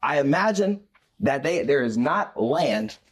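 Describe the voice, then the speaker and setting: A man retelling a Bible story in a casual faith discussion, animated and acting out the scenes. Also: mid-range voice, unhurried.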